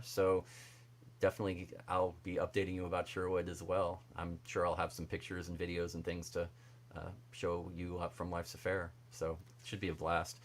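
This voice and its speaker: Low-voiced chatty livestream host. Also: male voice. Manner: chatty, reads viewer comments aloud, frequent fillers and restarts. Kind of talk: casual livestream chat.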